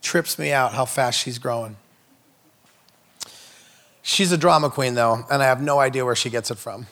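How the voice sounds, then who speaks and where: A man in his thirties, a preacher, telling funny family stories in a sermon, joking and acting out voices with big jumps in pitch. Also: normal speed, a bit bright. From Norway. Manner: playful, jokey, acts out quotes with big pitch jumps. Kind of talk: comedic sermon storytelling.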